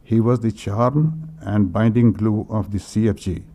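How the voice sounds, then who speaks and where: An older man reads condolence messages at a memorial. His voice is low and very warm, and he halts often with fillers and throat-clearing. He is openly emotional as he reads. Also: fairly even intonation, unhurried. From India. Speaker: speaker at a memorial tribute. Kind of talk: reading condolence messages aloud.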